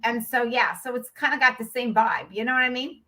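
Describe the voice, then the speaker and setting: A woman's voice: a little high, steady tone, brisk, bright, forceful tone, rough recording. A middle-aged woman with a faded New York accent, chatting casually in an agreeable, rambling way. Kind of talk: casual chat.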